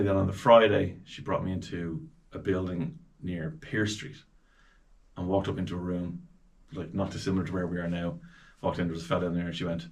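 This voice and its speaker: Irish guy in his 40s rattling off stories quick, low voice, acts out the people he quotes. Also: vocal fry. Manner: lively anecdotes with quoted voices. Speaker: guest. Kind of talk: casual storytelling chat.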